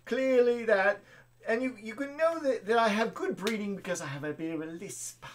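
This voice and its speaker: A woman playing a party game, making a boastful, self-assured improvised pitch. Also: normal speed, a crowd in the background. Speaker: board game player.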